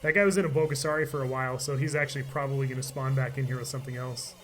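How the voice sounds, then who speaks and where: A man's voice: medium pitch, steady tone, rapid-fire, fairly bright tone, a little hiss or hum. A man streaming a game live, chatting casually and laughing often, his voice tired from talking all day. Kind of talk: live gameplay commentary.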